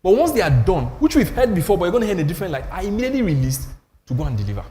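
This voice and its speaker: A man's voice: high voice, very animated, racing, dark tone, a little hiss or hum. Emphatic Nigerian man with hall reverb. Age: older. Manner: storytelling, emphatic, self-deprecating. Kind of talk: animated panel talk on church.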